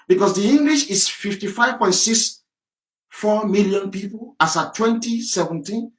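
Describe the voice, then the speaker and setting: A man's voice: fairly high pitch, darkish tone, poor audio. Angry ranting man. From southwest Nigeria (Yorubaland). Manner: angry, ranting, emphatic, repetitive. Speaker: political campaigner. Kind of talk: impassioned political monologue.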